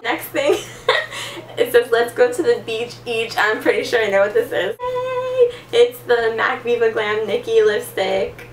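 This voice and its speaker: A young woman unboxing makeup gifts in a casual vlog, excitable and gushing, gasping often. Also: a little high, unhurried, reverberant, far from the mic, a little hiss or hum. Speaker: beauty vlogger.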